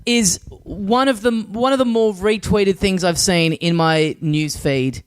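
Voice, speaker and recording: A man's voice: high-pitched, measured pace, smooth. A young man co-hosting a gaming podcast, joking around and steering the segments in casual chat. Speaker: podcast co-host.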